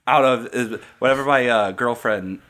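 A man guesting on a podcast in casual chat, playful and quick to drop into mock voices. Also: mid-range voice, a bit bright.

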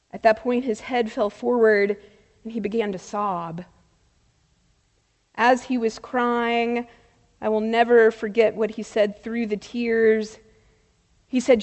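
A woman preaching a sermon, telling a story in a slow, measured way with soft pauses. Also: on the high side, fairly even intonation. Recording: long reverb of a large hall.

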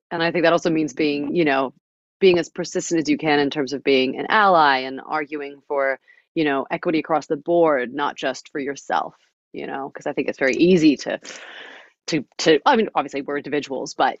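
A woman's voice: deep voice, dry recording, lo-fi sound. A woman performer being interviewed, chatting with lots of "like" and "you know". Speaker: guest performer. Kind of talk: casual interview chat.

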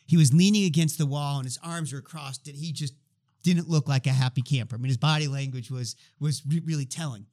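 Animated storytelling man in his fifties. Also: a little high, fairly quick. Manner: animated, acts out dialogue in stories. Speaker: guest expert on healthcare change. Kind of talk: conversational storytelling.

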